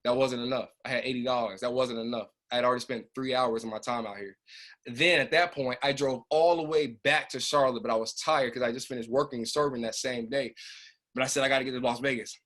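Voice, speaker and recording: Man, business trainer, motivational storytelling, emotional, animated, casual, video call. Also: medium pitch, fairly quick.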